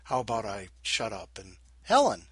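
A man's voice: fairly low pitch, huge pitch swings, normal speed. A man hosting his own podcast in casual chat, rambling and self-deprecating, muttering asides to himself. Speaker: podcast host.

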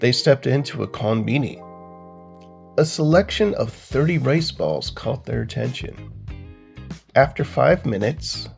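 A man reading his short story aloud in a lively, playful narrating manner. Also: medium pitch, creaky. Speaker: story contributor.

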